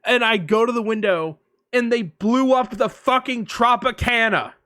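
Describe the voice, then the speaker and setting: A young man co-hosting a podcast, telling a long story in casual chat, animated, acting out quotes and swearing freely. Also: very high voice, moderate pace, dry recording, studio quality. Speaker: podcast co-host.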